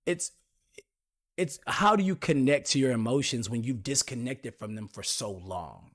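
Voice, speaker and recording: A man's voice: medium pitch, expressive, moderate pace, a bit bright. A young man, hosting a podcast and telling a personal story in a candid, confiding way, talking straight to his listeners. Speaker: podcast host.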